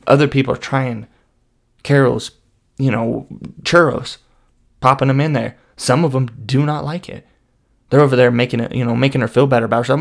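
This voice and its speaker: Guy with a gravelly creaky voice, rambling deadpan story, lots of you know. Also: medium pitch, fairly quick, long pauses. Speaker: vlogger.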